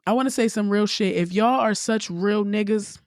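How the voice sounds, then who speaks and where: A woman's voice: mid-range voice, moderate pace, darkish tone, no room sound, clean studio sound. A young woman, hosting a casual solo podcast and talking bluntly and profanely, laughing often. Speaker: podcast host.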